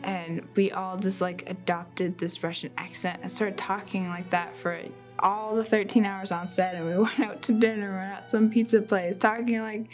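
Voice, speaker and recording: A woman's voice: medium pitch, flat delivery, moderate pace, few pauses, faint music behind. Chatty young woman recalling a film shoot. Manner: chatty, many "like" fillers. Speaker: film crew member. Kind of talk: behind-the-scenes recollection.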